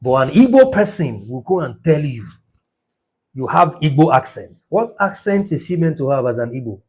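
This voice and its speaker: A man's voice: fairly high pitch, sing-song, moderate pace, darkish tone, husky. A middle-aged man teaching business numerology in an impassioned lecture, stressing words by drawing them out and asking rhetorical questions.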